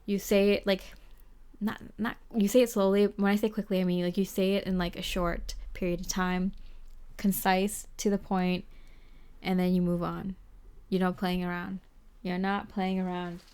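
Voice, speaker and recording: Smooth-voiced woman giving a tarot reading. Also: medium pitch, little pitch movement, moderate pace. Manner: gentle, reassuring, rambling with many fillers. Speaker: tarot reader. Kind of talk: casual spoken tarot reading.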